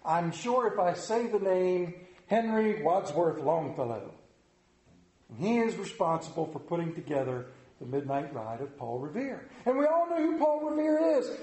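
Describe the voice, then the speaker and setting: A man preaching a sermon, telling a folksy story in an animated, storytelling way. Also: high-pitched, moderate pace, roomy sound. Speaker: pastor.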